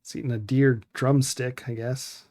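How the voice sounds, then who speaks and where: A man's voice: medium pitch, moderate pace. A young adult man casually commenting on a retro adventure game as he plays, dryly muttering to himself and reading the game's text aloud. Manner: wry, deadpan self-talk with mock-dramatic readings.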